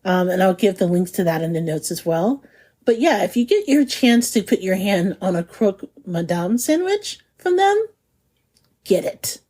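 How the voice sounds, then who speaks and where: Woman podcast host, chatty and giggly, gushing about food, mid-pitch voice. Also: normal speed. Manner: lively, laughs often, lingers on food descriptions. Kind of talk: casual chat.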